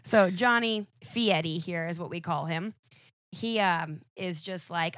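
A woman's voice: on the low side, unhurried, fairly bright tone, no echo, studio quality. A young woman guesting on a podcast, chatting casually in a rambling, laughing way full of "like". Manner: rambling, laughing, sprinkled with "like" and swearing.

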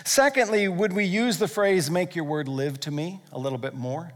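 High-voiced preacher in an echoing hall. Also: male voice. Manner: earnest preaching with wide swings between loud emphasis and soft, slow prayer. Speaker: pastor. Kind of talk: sermon. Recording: long reverb of a large hall.

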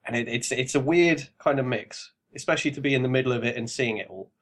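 An English man chatting casually on a podcast, his pitch right in the ordinary middle range for a man. He rambles along at an easy pace and now and then laughs as he talks. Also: fast talker. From England. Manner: relaxed, rambling, laughs while talking. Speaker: podcast guest. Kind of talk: casual chat.

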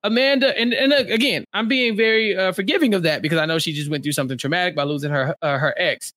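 A co-host in a casual TV recap chat, blunt and exasperated, dropping low for emphasis. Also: quick pace, a bit bright. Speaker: podcast co-host.

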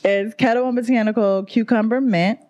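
A woman co-hosting a podcast in casual chat, chatty and quick to laugh. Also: fairly high pitch, lo-fi sound. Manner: laughs often, lively and chatty. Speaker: podcast co-host.

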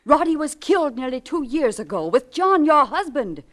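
A protective, skeptical sister speaks in a high voice that swings widely as she scolds. She sounds firm and indignant, like a voice from a 1940s radio mystery. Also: sing-song, normal speed, a bit bright. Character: stern, protective middle-aged sister.

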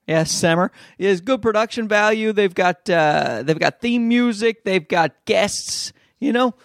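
A man's voice: high voice, no room sound, studio quality. Jokey, rambling man at home. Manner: rambling, jokey, animated asides. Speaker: podcast host. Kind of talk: casual solo podcast chat. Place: at home with a baby. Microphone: handheld mic held close.

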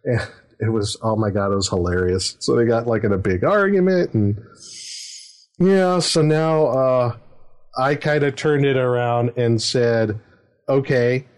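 A man's voice: mid-range voice, measured pace. A middle-aged man, a dungeon master, telling a story in casual chat, rambling with fillers and chuckles. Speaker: dungeon master, podcast host.

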